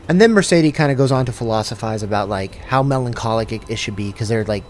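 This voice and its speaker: Low-voiced man giving an irreverent lore recap. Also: fast, hardly any pauses, slight background noise. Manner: irreverent, slangy and profane. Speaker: lore channel host. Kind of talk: casual comedic lore summary.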